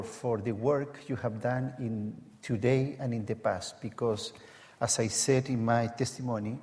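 A man from Chile preaching a sermon in English with a strong Latin American accent, halting and full of fillers. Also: mid-range voice, darkish tone. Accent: Latin American Spanish. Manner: slow, halting, with many fillers. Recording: church hall with long reverb.

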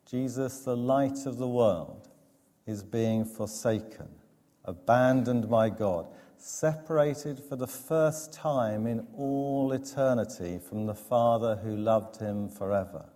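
A man preaching a sermon, measured and emphatic, with dramatic pauses. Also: mid-range voice, warm tone. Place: church. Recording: long church reverb.

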